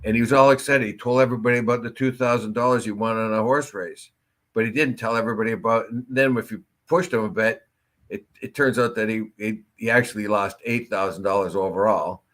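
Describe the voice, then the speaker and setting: A man co-hosting a local talk show, his voice sitting a little low. He drifts into long, rambling anecdotes and keeps the tone relaxed and chatty. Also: fairly quick. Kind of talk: casual talk-show chat.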